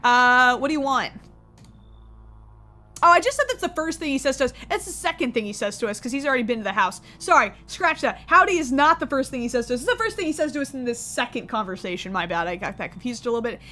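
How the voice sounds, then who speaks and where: This young gaming streamer talks in a high-pitched, very animated voice that is quick, bright and forceful. Her let's-play commentary is casual, full of jokes and self-corrections.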